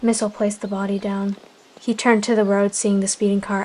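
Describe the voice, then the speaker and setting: A woman softly narrating a casual animal roleplay story and chatting to viewers. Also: mid-range voice, little pitch movement, normal speed, slight background noise. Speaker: storyteller and video creator.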